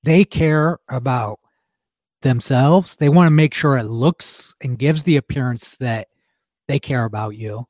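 A man's voice: medium pitch, unhurried, a little mellow, dry recording, studio quality. A man co-hosting a podcast in casual chat, speaking bluntly and emphatically and swearing freely. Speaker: podcast co-host.

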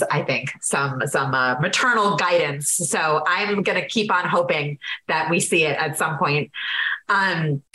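Bright, chatty woman interviewer. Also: mid-range voice, echoey room. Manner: chatty, with hesitant fillers. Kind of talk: interview questions.

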